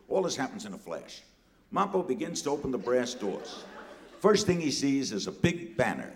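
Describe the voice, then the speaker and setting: An older New man tells a comic story to a live audience. His pitch swings widely as he delivers punchy lines and quick asides. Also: noisy background. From New York City.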